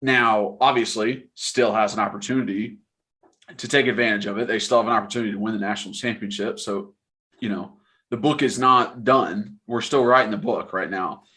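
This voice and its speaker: A man's voice: on the low side, steady tone, fairly quick, sharp tone. Laid-back young man giving opinions. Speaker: podcast co-host. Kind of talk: casual sports podcast chat.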